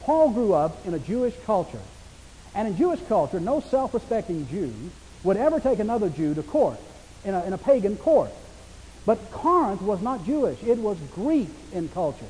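A man's voice: high-pitched, very animated, moderate pace, a little mellow, long reverb tail, slight background noise, poor audio. A man preaching a sermon as a pastor, conversational and emphatic, asking his listeners rhetorical questions.

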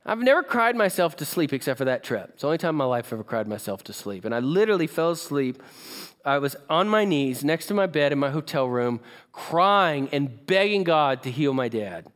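A man's voice: a little high, fairly bright tone. A man preaching, telling a personal story in a conversational, emotional way and asking the audience questions. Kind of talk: sermon storytelling.

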